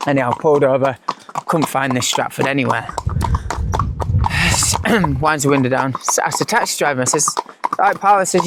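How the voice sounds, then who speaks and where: A man, a retired jockey, chatting casually while riding out, telling lively stories and acting out other people's lines. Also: a little high, normal speed. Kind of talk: casual storytelling chat. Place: outdoors, riding out on horseback. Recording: outdoor recording with clear background noise.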